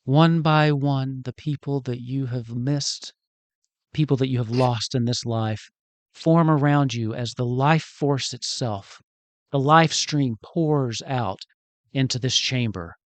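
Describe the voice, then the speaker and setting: A man narrates a tabletop game as game master, slow and measured and building the drama. His voice sounds close and dry. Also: mid-range voice, dry recording.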